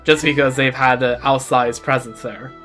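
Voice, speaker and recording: A man's voice: medium pitch, fairly even intonation, moderate pace, a bit bright, faint music behind. A man streaming a game, chatting casually in a rambling way and repeating words as he thinks. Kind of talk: casual gameplay commentary.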